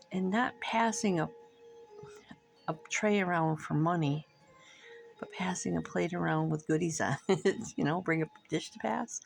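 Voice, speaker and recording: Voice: mid-range voice, creaky. A middle-aged vlogger chatting casually over coffee, frank and profane, rambling and laughing between thoughts.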